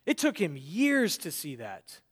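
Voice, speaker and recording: A man preaching a sermon in an earnest way. He swings between loud emphasis and quiet, trailing phrases, and he repeats words when he restarts. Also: fairly high pitch, wildly swooping pitch, measured pace, slightly rough. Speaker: pastor.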